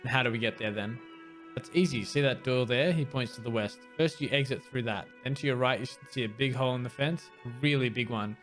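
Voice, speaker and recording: Speaking briskly in a mid-range, fairly bright voice, this let's play host reads game dialogue aloud in a plain way. He drops in wry comments and occasionally trips on tricky words, with faint music in the background.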